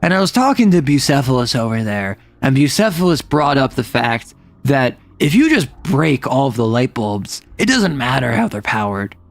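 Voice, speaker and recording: A man voicing a gloomy, depressed male ogre who talks in a low, quiet deadpan. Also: normal speed, no echo.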